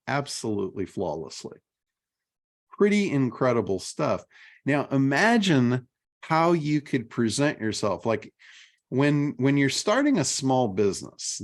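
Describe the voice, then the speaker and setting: Animated middle-aged man telling a story. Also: medium pitch. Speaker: podcast host. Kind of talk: casual chat.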